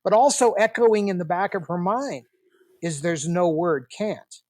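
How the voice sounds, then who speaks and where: A man's voice: high voice, unhurried, no echo, clean studio sound. Older man telling family stories animatedly. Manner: animated storyteller, acts out quoted dialogue. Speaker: podcast guest. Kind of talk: storytelling interview.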